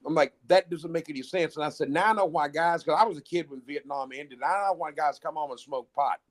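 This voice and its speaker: Guy rambling thru stories, kinda high voice, blunt, keeps restarting. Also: a little fast. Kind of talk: casual storytelling chat.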